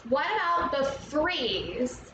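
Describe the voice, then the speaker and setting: A young woman teaching an online arts lesson to young children, speaking in an upbeat, slow and clear way and inviting the viewer to join in. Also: high voice, very animated, a bit bright, highs cut off. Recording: roomy, echoey, from a distance with background noise.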